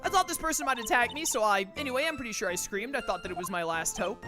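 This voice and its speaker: A woman's voice: fairly high pitch, animated, fast talker, natural voice. A woman voicing a scatterbrained young female witness who stammers, with game music underneath. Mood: panicked. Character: bubbly young female spirit-medium witness, flustered. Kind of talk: reading game dialogue aloud.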